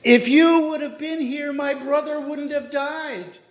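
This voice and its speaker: A man's voice: sits high, sing-song, measured pace. A man playing a tired, ill, self-doubting pastor who speaks in a subdued way, recorded in a reverberant hall. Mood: weary. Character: weary, discouraged male pastor, feeling ill.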